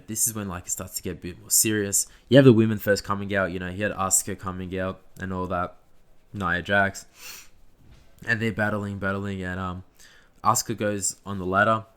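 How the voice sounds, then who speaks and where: Male podcast host, slightly low, tense and bright tone, loose and enthusiastic play-by-play. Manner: rambling, enthusiastic play-by-play retelling. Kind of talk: casual wrestling event recap.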